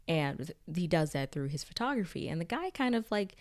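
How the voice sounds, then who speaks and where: A woman with a notably low voice talks through a TV episode in a loose, rambling recap. She fills her sentences with "like" and "you know" as she goes. The tone stays casual and conversational. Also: very animated, fairly quick. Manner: chatty, rambling, full of "like" fillers. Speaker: TV recap reviewer.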